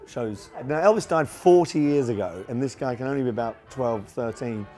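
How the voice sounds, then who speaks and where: A man's voice: mid-range voice, normal speed, a little mellow, faint music behind. A man in his forties, a tribute performer, chatting in a documentary interview with lots of fillers and restarts. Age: 40s.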